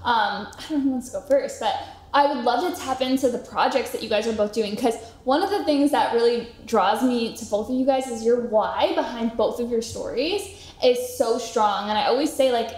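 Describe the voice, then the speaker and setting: A woman's voice: a little high, brisk, a little mellow. Effusive woman host in a roomy space. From Canada. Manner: effusive, encouraging reactions. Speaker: podcast host. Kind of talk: casual interview. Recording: roomy echo.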